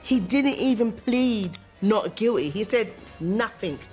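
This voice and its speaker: Woman, drunk comic storyteller, animated with bursts of put-on voices. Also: on the high side, takes it slowly, soft background music. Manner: animated, swings into shouty character voices. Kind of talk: tipsy comic storytelling in London slang.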